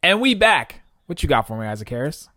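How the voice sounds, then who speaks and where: A man hosting a sports podcast, talking in a relaxed way and laughing often. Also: fairly high pitch, brisk, no room sound, clean studio sound. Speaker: podcast host. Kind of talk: casual podcast chat.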